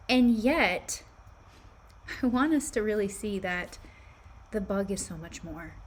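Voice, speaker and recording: A woman teaching spirituality, leading listeners through a guided visualization with calm, reflective questions. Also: medium pitch.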